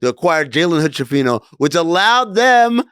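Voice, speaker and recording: A man hosting a casual sports podcast, animated and jokey, slipping into playful voices. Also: fairly high pitch, normal speed, clear, resonant tone, no room sound, studio quality. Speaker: podcast host.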